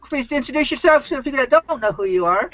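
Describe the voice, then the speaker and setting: Host, male, very high and bright voice, plain interviewer, dry muffled call line. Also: animated, fast, no echo. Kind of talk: live-stream interview. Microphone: computer mic on an online call.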